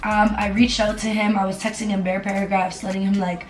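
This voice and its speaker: A woman telling a casual storytime on camera, animated and profane, repeating herself for emphasis. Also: medium pitch, a little fast. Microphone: camera mic. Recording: roomy echo, faint music behind.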